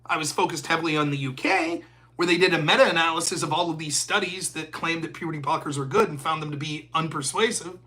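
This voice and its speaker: A man's voice: fairly high pitch, fast talker, bright, forceful tone. A man of forty hosting a live stream, talking in a profane, heated rant. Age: 40s. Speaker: host.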